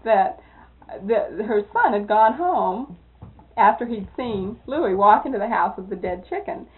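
A woman recounts old anecdotes for an oral history interview, lively and quick to laugh. Her voice sits at an ordinary pitch for a woman. The recording is thin and phone-like, like an old cassette. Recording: tinny lo-fi tape, phone-like.

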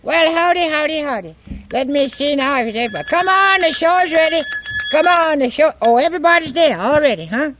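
A man's voice: very high-pitched, lively intonation, fairly quick, background noise, pitched above the performer's own voice. A man voicing Mister Punch, a cocky, sassy male puppet who teases the audience in a live puppet show. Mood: cocky, teasing. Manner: boastful, teasing, playful drawl.

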